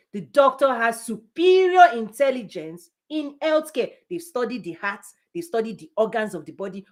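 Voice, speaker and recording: A woman business coach giving a forceful motivational talk, repeating punchy phrases and laughing often. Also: on the high side.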